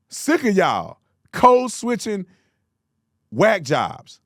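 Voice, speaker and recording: A man's voice: fairly high pitch, very animated, moderate pace, dry recording, clean studio sound. A man hosting a political commentary show, mocking and exasperated, repeating words for emphasis.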